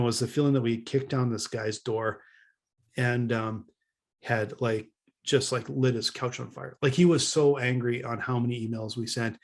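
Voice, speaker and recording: A man's voice: medium pitch, a little mellow. Rambling podcast co-host man. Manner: rambling, many restarts, dry laughs. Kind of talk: casual podcast chat.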